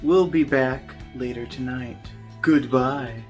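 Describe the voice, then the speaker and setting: Low-voiced, teasing woman vlogger. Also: slow, music in the background. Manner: teasing, laughing. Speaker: vlog co-host. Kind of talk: casual home vlog chat.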